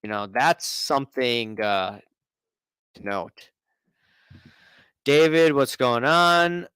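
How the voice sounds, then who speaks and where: A man's voice: medium pitch, slow, a bit bright, clean tone, no room sound. A man hosting a casual live stream, chatting and reading out viewer comments in a rambling way.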